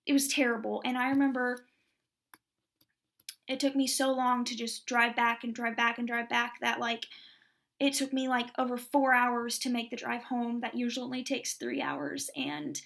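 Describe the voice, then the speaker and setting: A young woman in her twenties tells a candid personal story on her vlog in a voice on the high side, creaky and fairly bright, at a moderate pace. She rambles and says "like" a lot.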